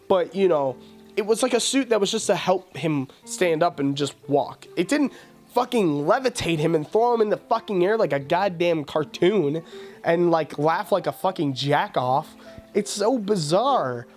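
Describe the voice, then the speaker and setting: A man's voice: sits high, animated, normal speed, a little mellow, soft background music. Profane, exasperated male podcast host. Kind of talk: casual film review rant.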